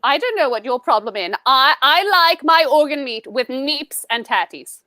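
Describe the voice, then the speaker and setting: A woman hosts a comedy show in character, gushing and theatrical. Her voice is very high and bright, swooping widely as she gets excited. The sound is dry and close. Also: normal speed, no room sound. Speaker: host.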